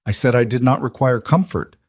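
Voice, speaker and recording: A man voicing a poised young frontier bride who speaks in a clear, measured, precise way. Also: medium pitch, darkish tone, no room sound, clean studio sound, voice pushed up, lightly acted. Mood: calm, measured.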